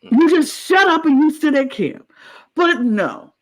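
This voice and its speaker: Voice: medium pitch, measured pace, a bit bright, rough recording. A podcast co-host recapping a reality show in casual chat, talking animatedly and acting out contestants' lines in exaggerated voices.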